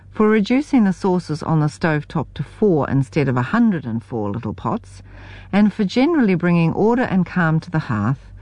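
A New woman reads her memoir aloud with wry humour. Her voice sits low but swings widely through each sentence. The sound is close and dry, with no room around it. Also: no room sound. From New Zealand. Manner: wry, expressive storytelling. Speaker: memoir narrator.

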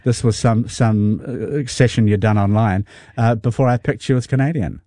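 New Zealand radio host, mellow voice. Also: male voice, on the low side, steady tone, moderate pace, dry recording, clean studio sound. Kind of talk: radio interview. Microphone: studio mic.

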